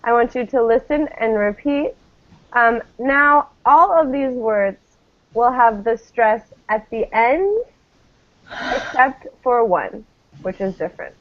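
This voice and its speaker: A woman with a slightly high voice teaches English pronunciation slowly, patiently modelling each word for her class to repeat. It's a tinny, phone-like classroom recording.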